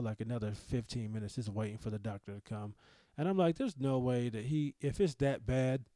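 A man's voice: medium pitch, dark tone, dry recording. A man hosting a podcast, telling a personal story in an anxious, self-deprecating, rambling way. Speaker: podcast host.

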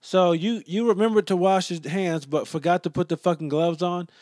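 A man tells a story in a loose, exasperated rant, heavy on the swearing and deadpan in its delivery. His voice sits a bit high for a man, and he now and then sinks into quiet, low mutters. The recording is dry and close, with no room sound. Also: moderate pace, dry recording. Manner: drops to low mutters in asides.

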